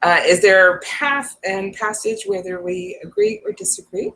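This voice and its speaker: A woman's voice: a little high, big pitch swings, normal speed, gravelly, a bit bright. A woman hosting a casual live stream from home, chatty and laughing often between restarts. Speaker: psychic livestream host.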